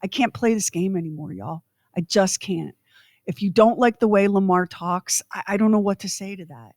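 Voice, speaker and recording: A woman's voice: medium pitch, moderate pace, a little mellow, no echo, clean studio sound. A woman co-hosting a radio show, ranting sarcastically and laughing between lines. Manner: exasperated, sarcastic rant with laughs. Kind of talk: casual radio chat.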